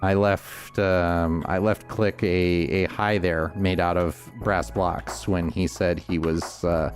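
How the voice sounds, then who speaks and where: A man's voice: sits low, level tone, slow pace, soft background music. A man with a Northeastern US accent chatting casually while playing a game, talking in a rambling, thoughtful way with lots of restarts. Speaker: streamer. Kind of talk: casual gameplay chat.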